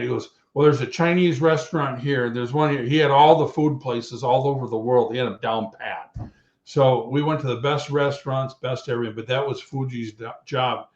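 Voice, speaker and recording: A man in his sixties spins loose, lively stories, slipping into other people's voices as he goes. His voice sits at an ordinary pitch. It comes through a roomy, echoey line with a muffled, dull tone. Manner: rambling, animated storyteller who acts out quotes. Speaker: guest, retired pro wrestler. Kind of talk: anecdotal storytelling. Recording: echoey, dull remote call audio.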